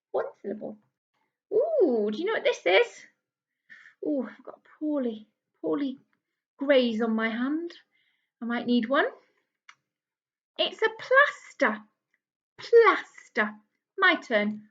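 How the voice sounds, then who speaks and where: Slow, gentle woman teaching young children. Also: a little high, muffled recording. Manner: slow, gentle and encouraging, clapping out syllables. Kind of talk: phonics lesson for young children.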